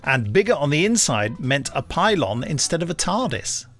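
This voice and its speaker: A man with a gravelly, slightly raised voice hosts a podcast in casual chat. He tells anecdotes and reads listener emails with dry little asides. Faint music plays behind him. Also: on the high side, sing-song, moderate pace, fairly bright tone. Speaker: podcast host.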